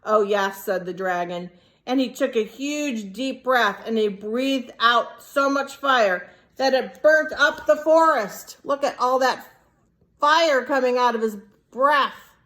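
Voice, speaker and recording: A woman with a fairly high voice reads a storybook to young children with animated expression. She pauses often to ask her listeners questions about the story. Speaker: early childhood teacher. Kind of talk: picture-book read-aloud for children.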